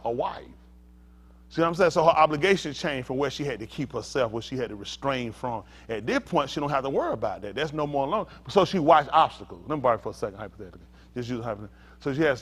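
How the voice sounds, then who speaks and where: Animated preacher man, lively high voice. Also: slightly rough. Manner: animated, calls out to listeners, laughs and shouts at times; casual vernacular, asks "y'all understand?". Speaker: pastor. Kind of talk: interactive sermon teaching.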